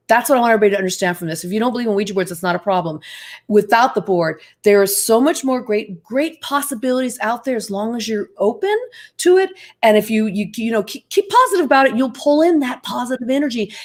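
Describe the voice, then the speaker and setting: A woman being interviewed as a guest, telling a story with excited emphasis and often speaking straight to her listeners. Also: medium pitch. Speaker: guest, Ouija board expert.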